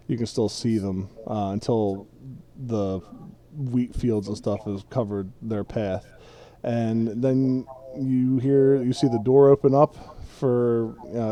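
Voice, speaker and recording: A man narrates a tabletop game as its game master, in a relaxed and rambling way. His voice is mellow and mid-pitched, and he drifts through asides and fillers.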